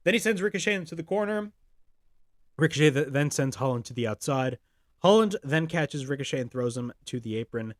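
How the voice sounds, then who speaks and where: Young male podcast host, heated swearing rant, lively pitch, dry mic. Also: fairly quick, no room sound. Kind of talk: ranting show review.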